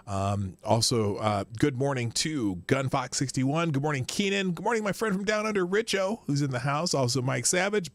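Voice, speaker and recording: A man's voice: mid-range voice, big pitch swings, normal speed, dry recording. A man hosting a casual live-streamed morning show, rambling as he greets his viewers by name.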